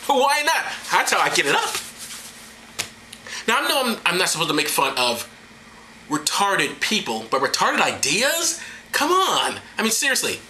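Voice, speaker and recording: A man with a high, pushed and bright voice reads scripture aloud as comedy, sarcastic and profane, stumbling and laughing over the text. It's an irreverent Bible reading on a low-quality recording with a little hiss or hum.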